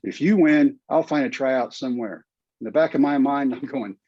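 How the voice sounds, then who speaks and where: A man's voice: medium pitch, moderate pace, a little mellow, husky, no echo. A man, earnest and heartfelt as he recounts his story. The audio is dry and slightly muffled, like a modest podcast setup. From United States. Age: 50s. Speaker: guest, former pitcher and teacher. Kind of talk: storytelling interview.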